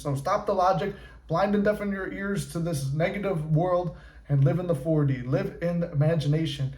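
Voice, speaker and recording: A man talking through manifestation in a loose, casual monologue, swearing freely and staying animated. His voice sits a bit high but mellow and soft-edged. The sound carries the ring of an echoey room. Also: normal speed. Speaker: manifestation coach.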